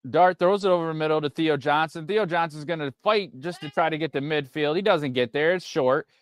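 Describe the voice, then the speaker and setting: A man streaming a watch party, giving casual play-by-play commentary that turns excitable and profane when frustrated. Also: a little high, fairly quick, smooth, no echo, studio quality. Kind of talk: casual live game commentary.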